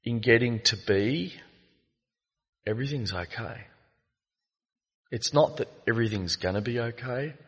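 A man giving a reflective personal share at a recovery meeting, telling stories with many halting fillers. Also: medium pitch, fairly bright tone, breathy edge. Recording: long echo of a meeting hall.

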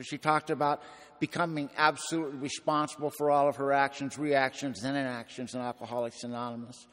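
A man speaking at a recovery meeting, telling his story with gritty slang and dry humor. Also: mid-range voice. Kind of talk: personal testimony talk. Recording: echoey hall.

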